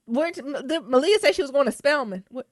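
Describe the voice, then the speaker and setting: A woman's voice: sits high, lively intonation, fast, no room sound, studio quality. A young adult woman co-hosting a podcast in casual chat, joking and acting out quotes with slang. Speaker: podcast co-host.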